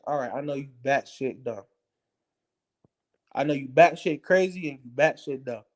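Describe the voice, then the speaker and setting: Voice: medium pitch, big pitch swings, normal speed, darkish tone. A speaker delivering a blunt, profane, heated political rant straight to viewers, hammering the same points over and over. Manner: blunt, profane, combative, repetitive. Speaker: political commentator. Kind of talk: heated ranting monologue.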